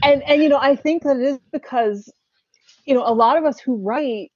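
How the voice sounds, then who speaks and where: A woman interviewing a guest in casual conversation, expressive and chatty, often restarting her sentences. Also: high-pitched, normal speed, slightly rough, dry recording. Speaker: interviewer and writer. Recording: dull dry lo-fi recording.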